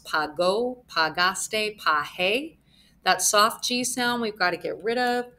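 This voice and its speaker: A woman's voice: mid-range voice, bright, forceful tone. A young woman teaching a recorded lesson, explaining step by step and spelling out letters as she writes. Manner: mutters asides while writing. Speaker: Spanish teacher. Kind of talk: recorded lesson with screen writing.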